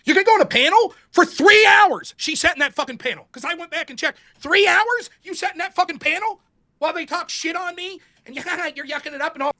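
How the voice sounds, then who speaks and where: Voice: very high voice, fairly quick, bright, forceful tone. A streamer in a played clip, ranting with sarcasm and indignation and swearing heavily. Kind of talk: angry profane rant.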